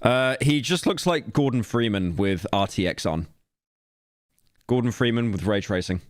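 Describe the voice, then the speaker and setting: A man's voice: fairly low pitch, expressive, normal speed. A man commentating casually on a live stream, making sarcastic jokes as he watches. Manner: joking, sarcastic asides. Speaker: streamer reacting to a video.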